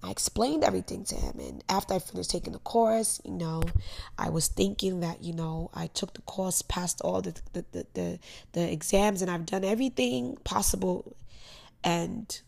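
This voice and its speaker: Young woman podcast host, low gravelly voice, earnest heartfelt monologue with loud bursts and hushed asides. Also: animated, moderate pace. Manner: earnest, emotional storytelling with sudden loud bursts and soft asides. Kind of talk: personal motivational monologue.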